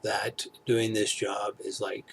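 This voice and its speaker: A middle-aged man vlogging in a rambling, halting, casual way with many fillers. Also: on the low side, little pitch movement, gravelly, a bit bright, slight background noise. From Toronto area, Canada. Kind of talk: casual chat to camera.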